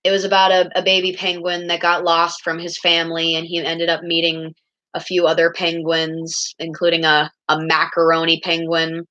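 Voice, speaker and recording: A woman's voice: lowish voice, completely flat delivery, moderate pace, bright, forceful tone, muffled recording. Chatty young woman drawing while talking. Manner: rambling, chatty, self-deprecating. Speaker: artist vlogger. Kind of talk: casual chat while drawing.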